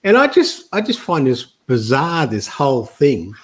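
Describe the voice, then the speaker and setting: Halting middle-aged Australian male host. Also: mid-range voice, wildly swooping pitch. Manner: halting, many restarts, laughs easily. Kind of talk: casual panel chat.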